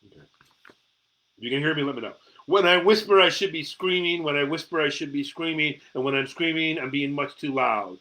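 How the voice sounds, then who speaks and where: A man's voice: on the high side, a little fast, pushed and bright, poor audio. Blunt man reading his raw poetry. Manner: raw, intense, swears freely. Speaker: amateur poet and show host. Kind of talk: live-streamed poetry reading.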